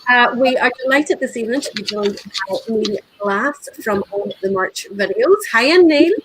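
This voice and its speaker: A woman's voice: on the high side, moderate pace, noisy background. A woman hosting a livestream, chatting casually and reading out viewer names. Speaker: host.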